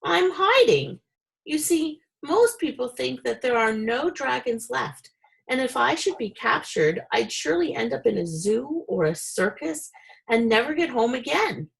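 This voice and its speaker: Baby dragon, read by a woman: young male, earnest, lifted pitch. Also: big pitch swings, unhurried, creaky, exaggerated voice, poor audio. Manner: earnest, explaining.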